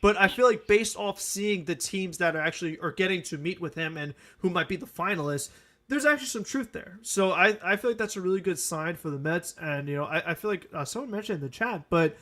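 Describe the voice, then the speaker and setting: A man with a high, bright voice co-hosts a sports podcast. He talks earnestly and at length, circling back on his points. He laughs easily between thoughts. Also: a little fast. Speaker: podcast co-host. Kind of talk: casual sports talk.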